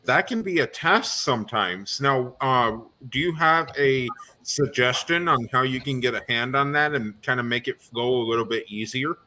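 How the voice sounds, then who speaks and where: A man's voice: mid-range voice, normal speed, pushed and bright, a little hiss or hum. A man co-hosting a casual podcast, asking long questions full of fillers and restarts. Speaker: podcast co-host. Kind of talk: casual video podcast chat.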